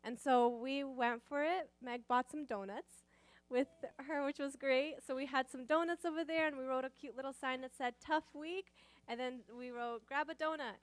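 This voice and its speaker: Young college woman, slightly high voice, casual filler-heavy testimony, dry close sound. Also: steady tone, normal speed, no echo. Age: young adult. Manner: casual, rambling, lots of "like" and "um". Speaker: college student sharing testimony. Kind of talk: church testimony.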